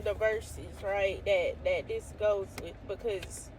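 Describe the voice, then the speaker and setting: A woman talking casually to camera about her faith, excitable and exclaiming often, sometimes reading scripture aloud. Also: medium pitch, slow pace, a little hiss or hum. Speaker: faith vlogger.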